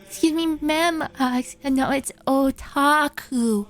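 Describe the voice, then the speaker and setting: Brief: a woman playing a nervous nerdy teen boy, stammering and hesitant, voice jumping high. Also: expressive, a little slow, a bit bright, soft background music. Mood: flustered. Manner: stammering, hesitant, repeating himself. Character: flustered nerdy teen boy correcting a teacher.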